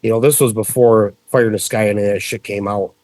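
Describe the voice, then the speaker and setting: A middle-aged man from central New York, telling a story as a podcast guest in a casual, animated way with frequent swearing. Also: lowish voice, fairly quick, no echo.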